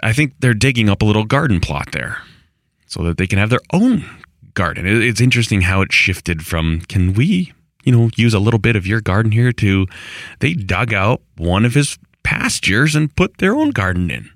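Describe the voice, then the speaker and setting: A man's voice: fairly low pitch, big pitch swings, moderate pace, fairly bright tone, dry recording, studio quality. A middle-aged man talking to camera in a rambling, conversational monologue, with restarts and exasperated asides. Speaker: vlogger on rural homestead life. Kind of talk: casual monologue.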